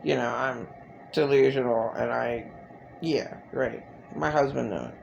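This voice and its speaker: A woman speaking alone to camera in a slow, unhurried personal monologue. Her voice has a gravelly fry, and her sentences stall and restart. She swears freely, with a faint hum of room ambience behind her. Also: a bass voice, fairly even intonation. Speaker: vlogger.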